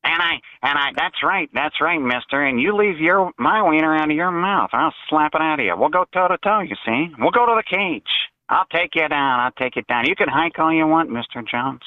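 A man's voice: on the high side, animated, normal speed, no echo, lightly acted. A man calling in with a brash, cartoonish put-on voice, taunting and boasting. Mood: boastful. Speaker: caller. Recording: tinny phone line.

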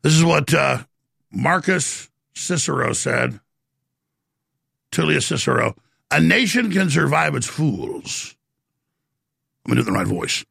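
A middle-aged man hosting call-in talk radio, intense and quick, repeating himself. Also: fairly high pitch, expressive, vocal fry, a bit bright, breathy edge, no room sound, clean studio sound. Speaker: radio talk show host.

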